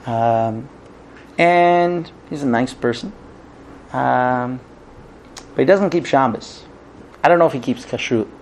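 Speaking slowly with long pauses, a man gives a Torah class before a live audience, with slight background noise. He tells stories animatedly, acting out each character through big swings in his voice.

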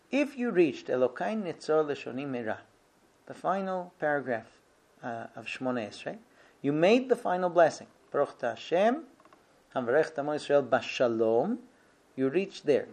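A middle-aged man teaching a relaxed lesson on Jewish prayer law, talking it through step by step with frequent restarts. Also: fairly high pitch. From Israel. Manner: conversational, restarts often, explains step by step. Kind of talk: informal Torah lesson.

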